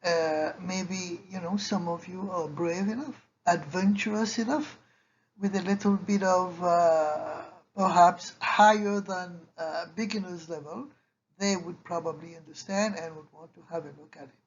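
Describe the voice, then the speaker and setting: Woman, patient grammar teacher, gravelly edge, slightly muffled recording. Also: fairly low pitch, normal speed, a little mellow. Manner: patient, explains each example in English and French, checks in with "okay?". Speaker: French teacher. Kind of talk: slide-based grammar lesson. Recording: slightly dull lo-fi recording with faint hiss.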